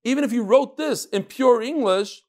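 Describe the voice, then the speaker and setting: A man teaching a Talmud class, asking and answering his own questions in an animated, rhetorical way. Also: very high voice, moderate pace.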